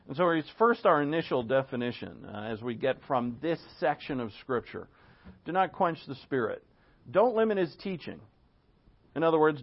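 A man preaching a sermon to his congregation in an animated, conversational way, asking rhetorical questions as he goes. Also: fairly high pitch, dull audio. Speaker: pastor. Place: church.

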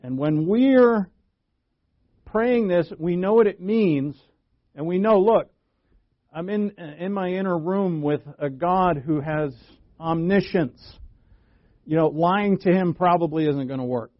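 Man, preacher, sermon, emphatic, fairly high voice, folksy asides, muffled lo-fi recording. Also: slow, no echo. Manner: emphatic, jumps in pitch on key words, folksy asides. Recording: dull lo-fi dry recording.

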